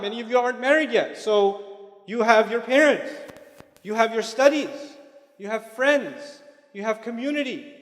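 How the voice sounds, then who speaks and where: A man giving a religious lecture in a relaxed, conversational way, dropping in casual asides and Arabic terms. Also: high-pitched. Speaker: Islamic lecturer. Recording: long hall reverb.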